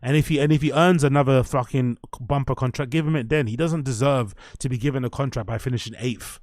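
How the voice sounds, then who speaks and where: A man hosting a live stream, ranting and swearing heavily about his football club, then calming down and muttering as he greets viewers. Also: medium pitch, fast, dry recording, clean studio sound. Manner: subdued and muttering after the rant. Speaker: streamer and show host.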